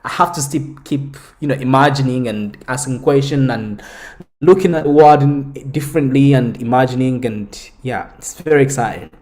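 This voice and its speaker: A man's voice: mid-range voice, normal speed. A young man from the Democratic Republic of the Congo, a comic book creator, telling stories in a casual interview with lots of restarts and fillers. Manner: storytelling, animated, frequent restarts and fillers.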